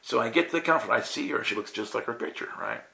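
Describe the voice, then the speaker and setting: Gravelly, bright-voiced man telling a story. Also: mid-range voice, expressive, very fast, low-quality recording. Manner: chatty, self-interrupting, tags with "right?". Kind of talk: casual testimony storytelling.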